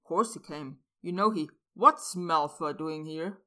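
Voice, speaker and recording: Plain-talking protective young guy, woman reader, slightly low, bright. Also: unhurried. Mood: blunt. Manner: plain-spoken, casual. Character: blunt, protective young man, loyal friend.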